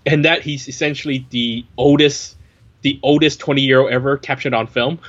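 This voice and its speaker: A man's voice: medium pitch, steady tone, normal speed, a bit bright. A man reviewing a film in casual chat, wry and chatty with many fillers. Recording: dull lo-fi recording.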